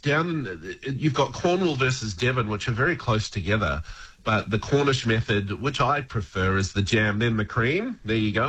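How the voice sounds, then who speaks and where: A man with a husky voice, chatting casually as a radio guest about language, rambling and hesitant with frequent chuckles. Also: mid-range voice, a bit bright.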